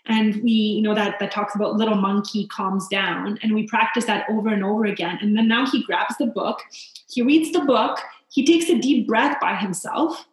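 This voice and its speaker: A Polish woman who founded a business and coaches mothers appears as a guest in a heartfelt podcast interview. She tells personal stories earnestly and reflectively, in a medium-pitched voice at a moderate pace, recorded in a very echoey room.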